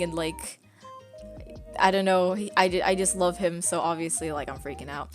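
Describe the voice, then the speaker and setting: A woman's voice: on the low side, moderate pace, soft background music. A woman streamer telling a story in casual chat, rambling with many fillers and breaking into laughs. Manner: rambling, filler-heavy, excitable with frequent laughs.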